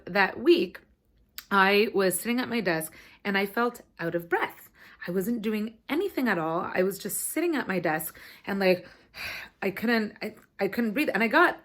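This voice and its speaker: A woman in her thirties telling a personal story to her camera in a chatty, animated way, sometimes swearing. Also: mid-range voice. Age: 30s. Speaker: vlogger.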